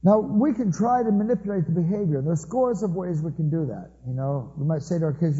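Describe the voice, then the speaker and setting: A man delivers a sermon as a string of homely anecdotes, slipping into the voices of the people he quotes. His voice sits somewhat high yet sounds very dark and mellow. The recording is muffled and lo-fi. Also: animated, a little fast, few pauses. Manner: storytelling, acts out quoted voices. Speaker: preacher.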